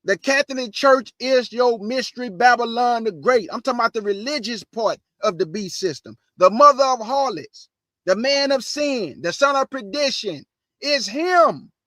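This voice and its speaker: An online show host and preacher with a very high, bright, forceful voice addresses his audience in a fired-up, emphatic way. Animated and at normal speed, he uses casual slang, repeats his points, fires rhetorical questions and calls listeners family. The sound is clean studio audio with no room sound.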